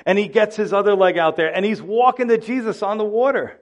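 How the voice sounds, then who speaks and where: A man's voice: high-pitched, a little fast. A male pastor delivering a sermon, with impassioned preaching that swells and drops in volume.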